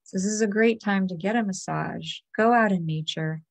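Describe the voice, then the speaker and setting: A woman energy healer leading a guided release meditation, talking in a soft, invoking, repetitive way. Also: medium pitch, normal speed, no echo.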